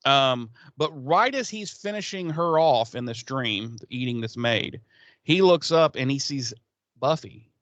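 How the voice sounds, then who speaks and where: A man's voice: mid-range voice, expressive, measured pace, a bit bright, dry recording, lo-fi sound. A man co-hosting a podcast, recapping an episode in casual, profane chat and acting out the characters' lines. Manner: profane, rambling, acts out quotes. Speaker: podcast co-host.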